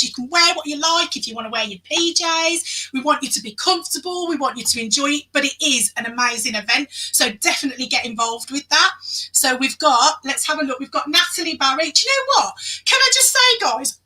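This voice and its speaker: A woman hosting a live stream in a loud, excitable, chatty way, reading out viewer comments as she goes. Her voice is high and very bright. She sits a bit back from the mic. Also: far from the mic, poor audio. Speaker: guest host of a live show.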